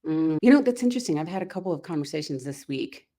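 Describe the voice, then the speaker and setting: A woman's voice: deep voice, animated, quick pace, dark tone. A woman business coach, a podcast guest, talking in an upbeat, chatty way. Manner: upbeat and chatty, often laughs. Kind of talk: casual podcast interview.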